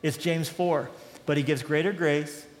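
A man's voice: a little high, a little slow. Preaching man in a reverberant hall. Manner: conversational preaching, animated, quotes dialogue. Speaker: pastor. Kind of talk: sermon.

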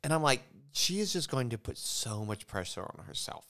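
A man's voice: mid-range voice, sing-song, normal speed, sharp tone. A man in his forties co-hosting a podcast in casual chat, rambling with lots of fillers and restarts. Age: 40s. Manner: rambling, filler-heavy, self-interrupting. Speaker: podcast co-host.

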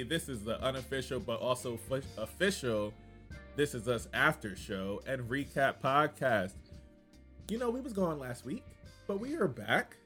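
Young American male podcast host, animated, playful, casual chat. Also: mid-range voice, moderate pace, soft background music. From United States. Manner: animated, laughs often, playful.

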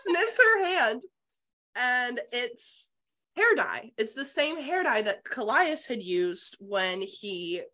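Woman co-host, casual book chat, animated retelling, cusses freely, middle-pitched voice. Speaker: podcast co-host.

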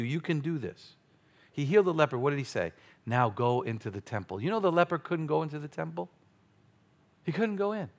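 A male pastor preaching a sermon, playful and animated, with sudden loud exclamations. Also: a little high.

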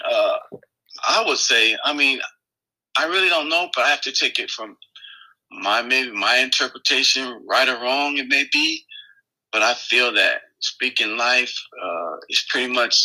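A man co-hosting a casual spiritual podcast, thinking aloud in halting phrases with many fillers and restarts. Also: mid-range voice, bright, forceful tone, low-quality recording. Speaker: podcast co-host.

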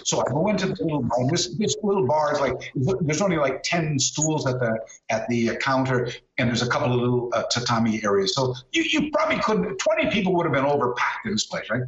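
A man in his sixties telling a story as an interview guest, animated and restarting often, on a video call. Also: mid-range voice, quick pace, few pauses. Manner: animated, acts out quoted voices, many restarts. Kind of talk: casual anecdotal storytelling. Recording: echoey room, dull lo-fi call audio.

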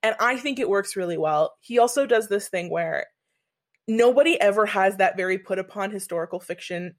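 Woman, casual film chat; eager, rambling, freely profane. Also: medium pitch. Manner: enthusiastic, rambling, swears casually.

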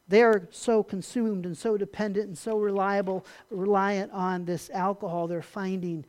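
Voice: medium pitch, steady tone, a little slow, a little mellow. Pastor preaching, chatty, lots of "and, and, and" restarts, acts out little bits of dialogue. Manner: conversational preaching with stammered restarts; acts out dismissive replies in dialogue. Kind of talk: sermon.

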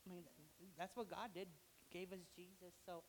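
Woman telling a lively testimony. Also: fairly low pitch, normal speed, in a large hall, a little hiss or hum, poor audio. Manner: animated, acts out dialogue in her story. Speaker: church member giving testimony. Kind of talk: storytelling testimony. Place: church.

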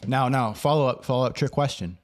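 A man co-hosting a podcast, tossing teasing quiz questions at his partner in relaxed chat. His voice sits at a middle pitch for a man and sounds plain and everyday. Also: fairly quick. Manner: teasing, quizzing his co-host. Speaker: podcast co-host. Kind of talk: casual chat.

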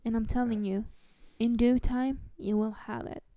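A woman's voice: fairly high pitch, steady tone, normal speed, mellow. A woman playing a character in a tabletop game, earnest and persuasive. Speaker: player.

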